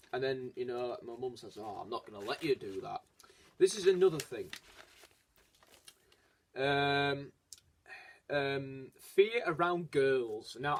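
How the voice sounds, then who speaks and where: A man talking casually and earnestly in a vlog, hesitant and rambling, with frequent restarts. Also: medium pitch. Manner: earnest, encouraging. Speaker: vlogger. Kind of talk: casual personal vlog talk.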